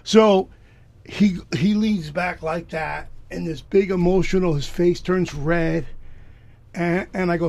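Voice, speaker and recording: A man from Miami, a guest telling a personal story with emphatic bursts of loud excitement. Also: a little high, normal speed, vocal fry.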